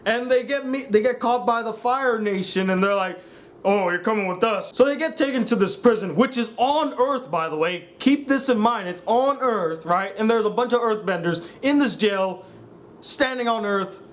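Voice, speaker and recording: A man's voice: high voice, normal speed. A young man reviewing a film in a sarcastic, exasperated rant, mocking the characters' lines in put-on voices.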